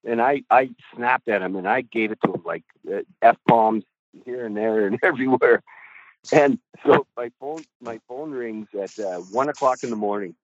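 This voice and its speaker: A man's voice: medium pitch, moderate pace, dry recording. A middle-aged man, a goalie coach, telling rambling stories on a podcast with chuckles and casual swearing. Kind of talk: podcast storytelling. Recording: tinny phone-like line, dry.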